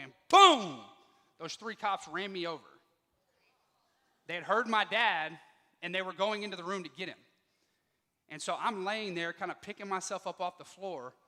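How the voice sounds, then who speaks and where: A man giving a motivational speech to students, telling a personal story with lively delivery and acting out the dialogue. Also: high-pitched, in a large hall. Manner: animated, acts out quoted dialogue. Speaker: motivational speaker. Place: school auditorium.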